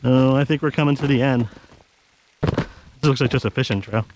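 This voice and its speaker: A man's voice: medium pitch, moderate pace, background noise. Chatty man narrating a snowy hike. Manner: chatty, gives his dog firm commands. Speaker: hiking vlogger. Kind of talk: casual narration while hiking. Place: snowy wooded trail outdoors. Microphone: action camera.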